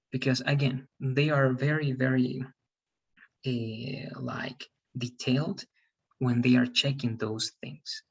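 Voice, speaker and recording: A man's voice: medium pitch, gravelly, slightly rough, lo-fi sound. A man teaching an English class online, explaining rules and often checking with "all right?".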